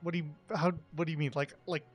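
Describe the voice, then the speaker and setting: A woman voicing a calm, rational male adventurer in a tabletop game, speaking patiently and a little haltingly. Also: low voice, faint music behind. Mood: puzzled. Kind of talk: in-character tabletop role-play.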